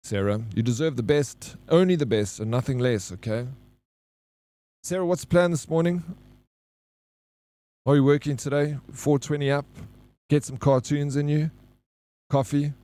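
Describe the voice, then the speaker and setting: A man's voice: fairly high pitch, normal speed, pauses often, dark tone. A man with a South African accent, a live streamer chatting casually and rambling with his viewers. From Johannesburg, South Africa. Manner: loose and rambling, reads chat aloud, laughs easily.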